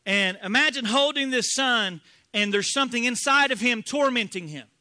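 A man's voice: extremely high pitch, normal speed, sharp tone, no echo. A pastor in his thirties preaching a sermon, impassioned and acting out the voices of the people in the story. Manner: impassioned, acts out quoted voices.

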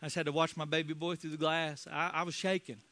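A man in his thirties preaches with fervor, slipping into the voices of the people in his story. His voice sits high and rings bright and forceful. The sound is dry and close. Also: little pitch movement, fast, no echo. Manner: impassioned, acts out quoted voices. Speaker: pastor. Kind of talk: sermon.

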